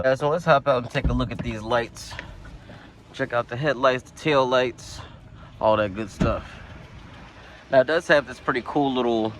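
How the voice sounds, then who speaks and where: A car reviewer with a mid-range voice does a casual walkaround of a vehicle outdoors, speaking in a relaxed, conversational way with lots of fillers. A little hiss or hum is audible.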